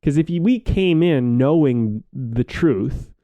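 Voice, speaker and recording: A man's voice: medium pitch, expressive, slow pace, dry recording, muffled recording. A man co-hosting a podcast in casual conversation, reflective and rambling, swearing now and then. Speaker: podcast co-host.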